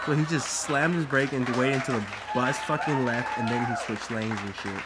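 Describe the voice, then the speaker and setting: Podcast host, male, profane and rambling, recorded with clear background noise. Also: mid-range voice, brisk, a loud crowd. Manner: swears constantly, acts out quotes in a raised voice. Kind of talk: casual profane storytelling. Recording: noisy room recording.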